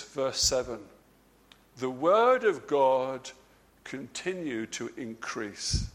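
A man preaching a sermon, stressing key words by slowing down and dropping his voice, with frequent repeated words and restarts. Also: a bit bright. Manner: emphatic, slows and drops low on key words.

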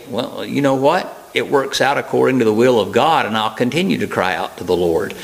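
Male preacher, conversational sermon, folksy asides, plain unhurried delivery with ums and restarts. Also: mid-range voice, animated, vocal fry, a bit bright, rough recording.

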